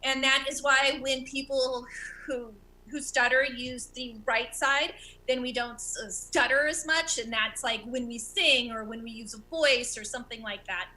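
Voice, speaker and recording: Bright-voiced woman comic who stutters. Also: high-pitched, fairly even intonation, unhurried, a little hiss or hum, poor audio. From America. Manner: stutters, self-deprecating. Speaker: stand-up comedian. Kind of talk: stand-up set on a video call. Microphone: video call.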